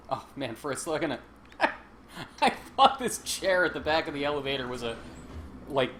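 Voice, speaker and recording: A man's voice: a little high, big pitch swings, normal speed, a bit bright. A man hosting a casual game stream, joking and laughing as he plays and comments. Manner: joking, chatty, laughs often. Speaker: stream host. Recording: faint game noise behind. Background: game sound.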